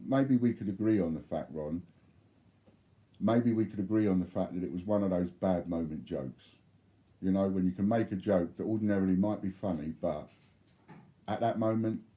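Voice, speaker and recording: A man's voice: sits low, dark tone. A man replying bluntly to viewer chat during a live stream, swearing freely.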